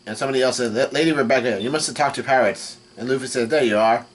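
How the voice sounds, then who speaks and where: A man casually recapping a comic chapter as he reads, stumbling over names and restarting lines often. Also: mid-range voice. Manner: halting, full of restarts and fillers, reads quoted lines flatly. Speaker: manga reaction vlogger. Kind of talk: casual recap while reading.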